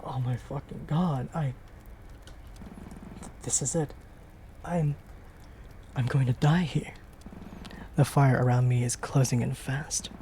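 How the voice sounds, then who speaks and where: A streamer gives a dramatic reading of game text, voicing a terrified young woman trapped in a burning building who stammers and jumps from strained shouts to breathy whispers. At rest the pitch is mid-range and the tone steady, delivered slowly with frequent pauses. Faint noise hisses softly underneath.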